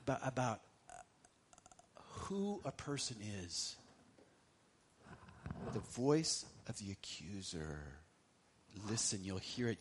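A middle-aged man preaching a sermon as a pastor, swinging between loud emphasis and hushed lines, repeating phrases for effect. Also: mid-range voice, big pitch swings, slow pace, long pauses, a little hiss or hum.

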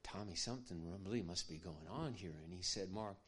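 Pastor guy telling a story from the pulpit, kinda low voice, earnest and hushed. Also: brisk. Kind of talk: sermon storytelling.

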